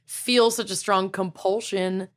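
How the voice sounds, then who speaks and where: A woman's voice: mid-range voice, steady tone, slow pace. A woman co-hosting a podcast, chatting casually and laughing often. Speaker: podcast co-host. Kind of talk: casual chat.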